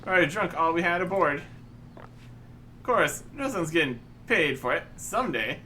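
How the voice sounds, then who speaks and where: A man voicing a rowdy, boozy middle-aged sailor who rambles cheekily in rough old-salt dialect. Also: fairly high pitch, sing-song, moderate pace, sharp tone, a little hiss or hum, rough recording. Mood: boisterous.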